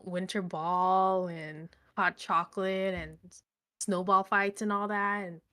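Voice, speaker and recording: A young woman talking through a book recap with lots of fillers and an animated, rambling delivery. Her voice sits at an ordinary middle pitch, relaxed and conversational, like chatting with a friend. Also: takes it slowly. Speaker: book reviewer. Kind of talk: casual chat.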